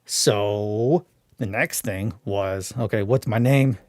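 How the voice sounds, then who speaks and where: A man's voice: fairly low pitch, slow, a little mellow, dry recording, clean studio sound. A man hosting a hobby stream, talking in a casual, rambling way, restarting sentences and swearing freely.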